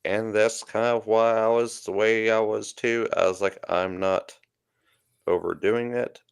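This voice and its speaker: A man's voice: on the low side, steady tone, a little slow, creaky, clear, resonant tone, dry recording, clean studio sound. A man co-hosting a casual livestream podcast, chatty and jokey, often trailing off mid-thought. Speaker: podcast co-host.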